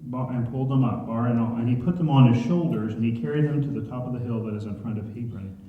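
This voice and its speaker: A man's voice: medium pitch, fast. A man leading a church Bible study in a conversational way, often asking the congregation questions. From Ohio. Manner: conversational, asks the room questions. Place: church sanctuary. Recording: echoey church hall, dull sound.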